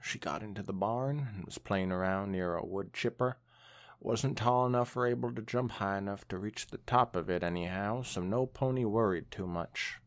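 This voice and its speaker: A podcast co-host reads fan fiction aloud with theatrical narration. He keeps laughing at the story as he goes. His voice is on the low side, and the recording is dry and close. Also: normal speed, no echo. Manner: laughs through his reading, dramatic narration. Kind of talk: casual comedic reading and chat.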